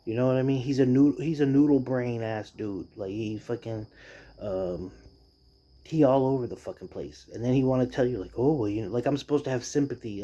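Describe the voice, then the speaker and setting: A man's voice: medium pitch, a little fast, warm tone. A man ranting casually and profanely about his boss and job, telling stories with mocking impressions of the people involved. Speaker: podcast or vlog host venting about work. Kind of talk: casual rant.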